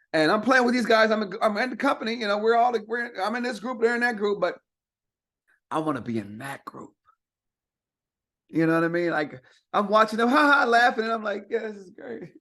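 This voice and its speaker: A comedian guest telling an animated, profane story and acting out the people in it. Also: male voice, sits high. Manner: animated, profane, acts out quotes. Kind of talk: casual storytelling.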